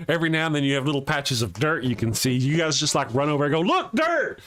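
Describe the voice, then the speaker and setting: A man's voice: mid-range voice, fast, a bit bright, a little hiss or hum. A man hosting a casual live morning show, reading viewer comments aloud and joking, often chuckling as he talks.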